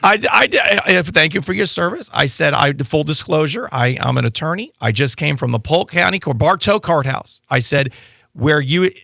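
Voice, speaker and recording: A man appearing as an attorney guest, chatting casually in a radio studio and telling animated stories with lots of restarts. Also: fairly high pitch, normal speed, vocal fry, no echo. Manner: animated storytelling with frequent restarts. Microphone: studio microphone.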